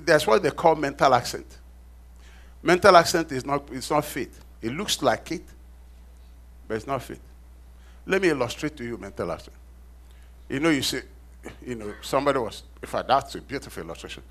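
A man's voice: mid-range voice, expressive, moderate pace, long pauses, fairly bright tone. A middle-aged male pastor preaching a sermon. He repeats key phrases and prompts the congregation to finish his sentences.

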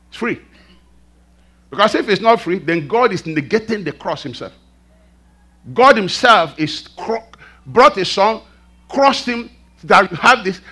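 A male preacher delivering a sermon, animated, throwing rhetorical questions at the congregation. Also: high voice.

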